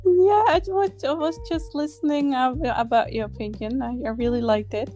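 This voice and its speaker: A woman with a fairly high voice chats with enthusiasm, like an excited fan, often leaning on fillers such as like and um. Faint music plays behind her. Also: moderate pace. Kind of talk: casual chat about a TV series.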